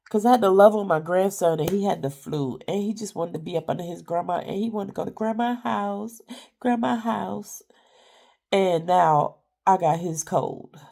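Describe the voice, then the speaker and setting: A woman's voice: low-pitched, vocal fry, darkish tone. An older woman with a cold, chatting casually to her viewers from her bed at home in a folksy way. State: stuffy with a cold. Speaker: vlogger.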